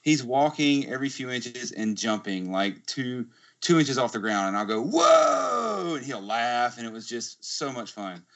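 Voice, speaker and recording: A young man with a drawl chats on a podcast, spinning lively anecdotes and breaking into laughter. His voice sits at an average pitch. The audio is slightly muffled, like a lo-fi home recording. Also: normal speed. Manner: animated storytelling, laughs often. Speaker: podcast co-host. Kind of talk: casual chat, anecdote.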